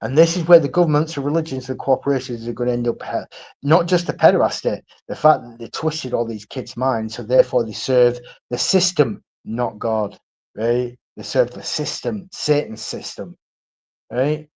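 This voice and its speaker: Man, mid-pitched voice, blunt and profane solo stream rant, repetitive. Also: moderate pace, darkish tone. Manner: blunt, profane, repetitive, keeps asking "right?".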